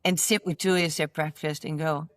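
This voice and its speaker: Casting: older woman, low voice, animated storyteller who plays out quoted dialogue, dry close sound. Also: normal speed, no room sound. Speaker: interview guest, basketball coach. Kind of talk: storytelling interview.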